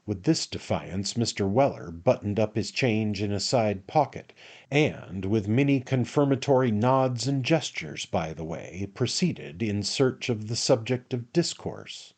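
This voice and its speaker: Low-voiced male audiobook narrator. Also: animated, unhurried, darkish tone. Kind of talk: scripted narration.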